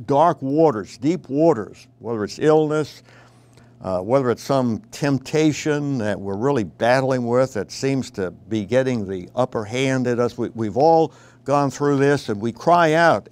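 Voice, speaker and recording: A man's voice: mid-range voice, animated, measured pace, a little mellow. A man preaching a radio devotional, earnest and conversational, with frequent fillers and restarts, rising to emphatic pleading when he quotes cries of distress.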